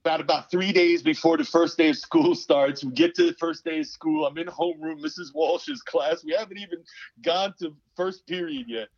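A man's voice: fairly high pitch, moderate pace, creaky, dry recording. A man in his fifties, a former pro basketball player, telling a story as a podcast guest and acting out the people in it. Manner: animated, acts out quoted people. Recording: dull, dry sound.

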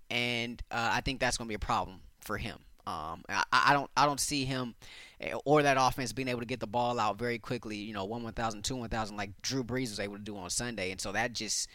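Male sports host, bright tense tone, dry close audio, halting restarts. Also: mid-range voice, no room sound. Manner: stammering restarts, conversational. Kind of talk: sports talk show hosting.

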